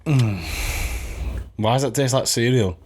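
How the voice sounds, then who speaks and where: A man's voice: mid-range voice, unhurried, music in the background. A man co-hosting a podcast, teasing and rambling, swearing freely in casual beer-tasting banter. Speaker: podcast co-host. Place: room, indoors.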